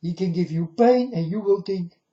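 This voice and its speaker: A man with a high voice and dark tone talks at a moderate pace. As a video blogger, he gives his viewers serious warnings in a monologue to camera, frequently using the word "folks." Dull, lo-fi recording.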